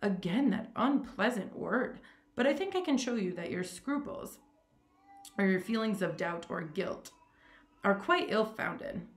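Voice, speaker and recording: A woman reading a story aloud, voicing a suave, cruel older male aristocrat with a smooth, amused, condescending manner. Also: medium pitch, sing-song, unhurried, roomy sound.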